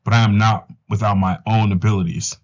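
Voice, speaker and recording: A man's voice: on the low side, fairly even intonation, brisk, close to an everyday voice. A man reading as a resolute warrior princess. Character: noble determined warrior princess. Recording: slightly dull lo-fi audio.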